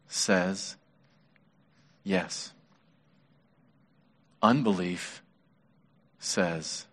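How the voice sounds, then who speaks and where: A man preaching a sermon as pastor, earnest and measured, his voice dropping softly on key words. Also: medium pitch. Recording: long reverb of a large hall.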